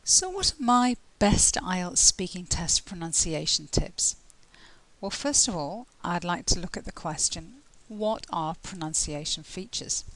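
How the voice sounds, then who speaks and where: English woman teaching pronunciation clearly. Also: on the low side, expressive, a bit bright, rough recording. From England. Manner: clear, deliberate teaching delivery, slowing down to spell out examples. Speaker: IELTS tutor. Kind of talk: pronunciation lesson.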